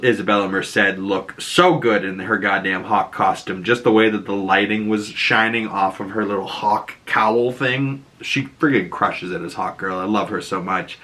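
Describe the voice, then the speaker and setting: Chatty Boston man with a bright voice. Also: fairly low pitch. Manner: chatty, rambling, crude, enthusiastic. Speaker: show reaction host. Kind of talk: casual episode breakdown.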